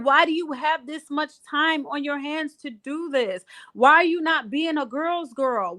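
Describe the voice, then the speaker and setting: A woman's voice: sits high, lively intonation, measured pace, few pauses, a bit bright. An exasperated woman, ranting in a heated casual chat and repeating herself.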